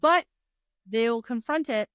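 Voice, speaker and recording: A woman's voice: on the high side, a little slow, a bit bright, clean tone, no echo, lo-fi sound. A woman co-hosting a book podcast, chatting emphatically and wrapping up the episode. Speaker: podcast co-host. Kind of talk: casual book-club chat.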